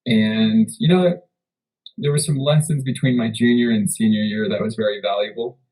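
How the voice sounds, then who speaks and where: A man's voice: lowish voice, moderate pace, darkish tone, low-quality recording. A man being interviewed as a guest, speaking in a laid-back, somewhat hesitant way. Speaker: guest, entrepreneur. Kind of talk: casual interview.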